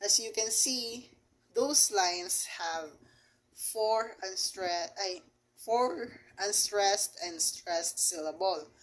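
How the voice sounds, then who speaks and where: Slow, hesitant young woman presenting. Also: mid-range voice, low-quality recording. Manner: slow, hesitant explaining with fillers and restarts. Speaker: student presenter. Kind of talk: class presentation on poetry.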